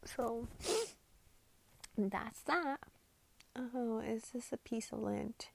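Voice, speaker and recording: A woman vlogging her reactions to posts in a casual, profane rant, swinging between loud outbursts and muttered asides, full of "like". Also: a little high, steady tone, drawn-out words, vocal fry. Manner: heavy swearing and filler "like".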